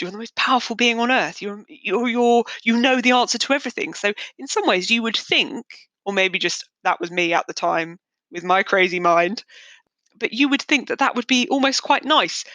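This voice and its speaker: A woman's voice: mid-range voice, bright, forceful tone, no echo. A woman hosting a podcast, telling a long personal story in a chatty, rambling and darkly candid way. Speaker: podcast host. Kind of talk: casual storytelling monologue.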